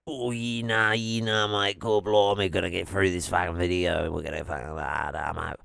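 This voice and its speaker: A man putting on a loud, rowdy Australian bloke who swears heavily and rants. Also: sits low, steady tone, moderate pace, gravelly, exaggerated voice. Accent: mock Australian. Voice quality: loud, ranting, heavy with swearing.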